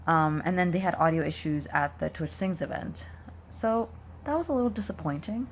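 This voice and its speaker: A young Canadian woman streamer with a fairly low voice talks at a normal pace over background noise. She's losing her voice as she rambles casually to her viewers vlog-style, full of ums and likes.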